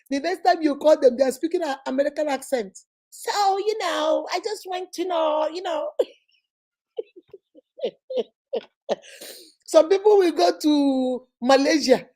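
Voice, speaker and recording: A middle-aged woman hosting a talk on relationships, preachy and animated, mimicking voices and laughing often. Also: high voice. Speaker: host.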